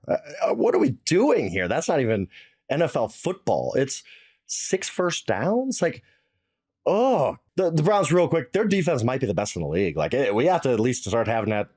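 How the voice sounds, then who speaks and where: A middle-aged man co-hosting a casual sports analysis chat, emphatic and exasperated, thinking out loud. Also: mid-range voice, big pitch swings, normal speed.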